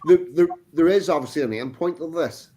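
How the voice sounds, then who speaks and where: A man talking as a guest on a live stream, measured and repeating phrases for emphasis. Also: a little high, mellow, a little hiss or hum. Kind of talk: casual chat.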